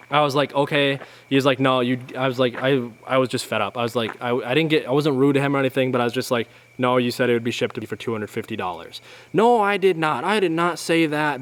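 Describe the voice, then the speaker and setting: A man telling a long rant to camera, exasperated and rambling. His voice sits at an ordinary middle pitch, and he keeps restarting sentences as his frustration builds. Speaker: outdoors channel vlogger.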